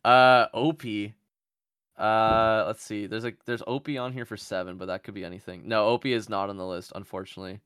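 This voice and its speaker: A man's voice: fairly low pitch, steady tone, a little fast, a bit bright, smooth, dry recording, studio quality. Laid-back profane man hosting a quiz. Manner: profane, laughing, loose. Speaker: quiz game host. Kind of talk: casual podcast banter.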